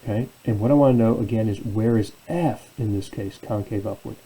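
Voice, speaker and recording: A man's voice: on the low side, fairly quick, warm tone, slightly rough, low-quality recording. A man teaching a calculus lesson as a professor, asking questions and answering them himself. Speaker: math professor. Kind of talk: calculus lecture.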